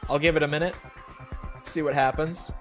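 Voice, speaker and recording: A man's voice: on the high side, normal speed, music in the background. A young man chatting casually to his live chat while playing a game, rambling with lots of "like" fillers and the odd swear word. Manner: relaxed, rambling, frequent "like" fillers, occasional swearing. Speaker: gaming streamer.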